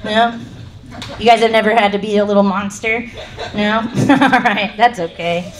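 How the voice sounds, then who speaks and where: A woman's voice: mid-range voice, steady tone, moderate pace. A woman doing a brash, crude stand-up set on a comedy club stage into a handheld mic.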